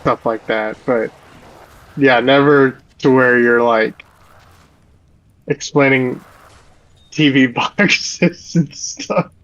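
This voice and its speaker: Slow, hesitant male gamer, muffled lo-fi mic. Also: medium pitch, a bit bright, no echo. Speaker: gaming friend. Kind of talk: casual gaming chat.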